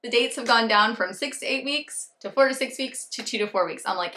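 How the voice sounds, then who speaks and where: A young woman with a bright, clear voice tells a personal story straight to camera in a chatty vlog. She is animated, slipping into little quoted asides of her own thoughts and of the people she talked to. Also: on the high side, brisk, slight background noise. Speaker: vlogger.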